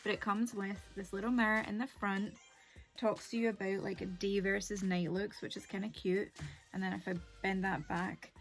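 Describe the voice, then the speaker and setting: A woman's voice: medium pitch, little pitch movement, moderate pace. Young woman, beauty vlogger, chatty and rambling, faint music behind. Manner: chatty, rambling, lots of "like" fillers. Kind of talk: casual make-up tutorial chat.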